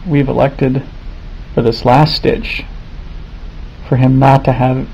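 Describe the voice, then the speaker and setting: A man filming his son's stitches for a video, answering critics with sarcastic, deadpan mock outrage. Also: medium pitch, takes it slowly, gravelly, lo-fi sound, slight background noise. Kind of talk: mock-indignant vlog reply. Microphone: handheld camera.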